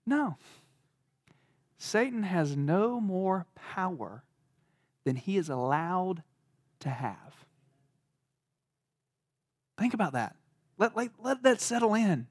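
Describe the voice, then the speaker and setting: High-voiced man giving a casual Bible lesson. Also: sing-song, slow pace, long pauses, slightly rough, dry recording, clean studio sound. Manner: conversational, laughing, many "like" fillers. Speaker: Bible teacher.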